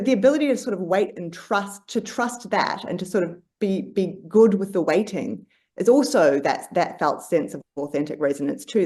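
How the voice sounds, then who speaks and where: This is a reflective conversation with a woman from Australia who is a guest on a podcast. Her pitch is fairly low and her tone dark, and she gropes for words, filling gaps and restarting often.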